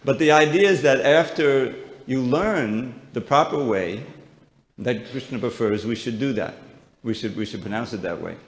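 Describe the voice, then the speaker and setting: A man's voice: medium pitch, normal speed. A man teaching a devotional seminar class in a conversational, joking manner with frequent restarts. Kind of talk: informal devotional lecture. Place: temple hall with audience. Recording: echoey lecture hall.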